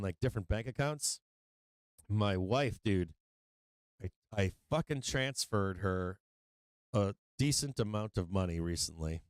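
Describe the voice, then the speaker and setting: A middle-aged man hosts a live stock market stream, talking casually and profanely about charts and money and rambling between trade updates, at times breaking into gleeful taunting. His fairly low voice is smooth, in studio quality with no echo.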